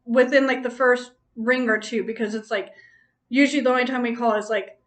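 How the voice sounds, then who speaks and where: A woman's voice: a little high, fairly even intonation, a little fast. A woman hosting a casual chat, telling a story with frequent laughter and free swearing. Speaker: host.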